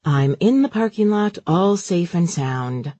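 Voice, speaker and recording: A man voicing a flustered, uptight middle-aged mother in an audiobook, high, fussy and shrill. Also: lively intonation, unhurried, warm tone, no echo, highs cut off. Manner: high, fussy and shrill, sing-song at times. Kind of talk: audiobook character voice.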